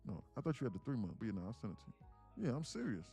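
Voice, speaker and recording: A man's voice: mid-range voice, very animated, very fast, dark tone, soft background music. Hyped man calling live trades. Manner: hyped, preachy, fires rhetorical questions; slangy, casual street talk. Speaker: day trading livestream host. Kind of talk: live trading commentary.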